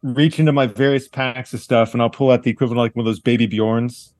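A man's voice: mid-range voice, fairly even intonation, quick pace, a little mellow, no echo, studio quality. A man chatting casually as a player in a tabletop game.

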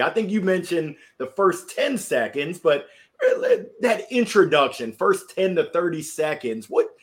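A man's voice: on the high side, fairly bright tone. A man hosting a podcast, asking his guest questions and reacting with short exclamations. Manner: eager, reacts with short interjections. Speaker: podcast host. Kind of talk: interview questions.

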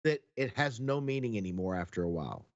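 A man's voice: lowish voice, animated, quick pace, muffled recording. A married man co-hosting a podcast, talking in a rambling, folksy, reflective way in casual chat. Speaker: podcast co-host.

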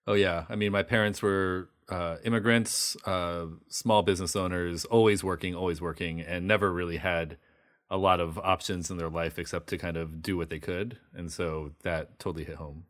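A man's voice: low-pitched, fairly even intonation, normal speed, a bit bright, no room sound, studio quality. A man hosting a podcast in a casual, laid-back way, dropping hip-hop slang. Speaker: podcast host.

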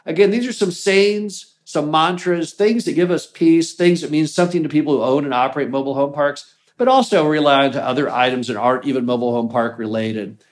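A man's voice: on the high side, brisk, few pauses. A man hosting a business show, giving an earnest, plainspoken motivational talk. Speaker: host of a mobile home park business show.

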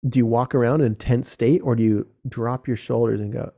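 A man's voice: mid-range voice, fairly even intonation, fairly quick, vocal fry, mellow, dull audio. A young man hosting a solo podcast, talking earnestly and directly to other men, casual and with some swearing. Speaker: podcast host.

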